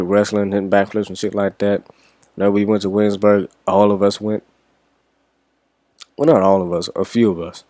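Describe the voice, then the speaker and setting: A young man from Washington, D.C. tells a story in a rambling, laid-back way, swearing freely. His voice sits a little low. The sound is close and dry, with no room echo. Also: a little mellow. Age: young adult. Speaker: reaction vlogger. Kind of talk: casual storytelling.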